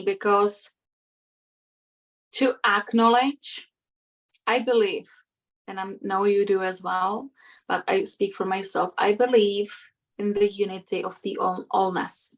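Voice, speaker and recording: A middle-aged woman, a guest in an interview, telling a personal story in a reflective, emotional way and acting out her inner voices. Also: mid-range voice.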